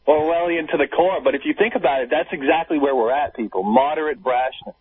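A man's voice: medium pitch, brisk. A man co-hosting a casual political talk radio chat, sardonic and conspiratorial. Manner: sardonic, conspiratorial, talks over his cohost. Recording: tinny phone-line sound.

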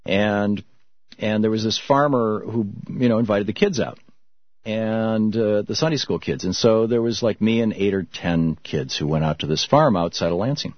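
Middle-aged male talk-radio host, low and husky, dull dry broadcast audio. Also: dry recording. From Michigan, US. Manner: reflective storytelling, halting with restarts.

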